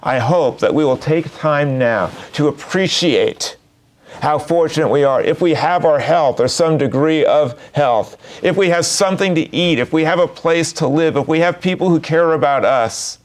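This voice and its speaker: A man, a rabbi, giving a gentle, reflective sermon and telling a story. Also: a little high, normal speed.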